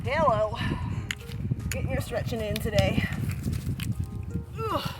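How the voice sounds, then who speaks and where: Very animated and speaking at a moderate pace, this young woman with a mid-range voice vlogs a mountain hike with a handheld camera. She chats, laughs a lot, addresses her dog and friends, and gets breathless at times. Loud music sits under poor audio.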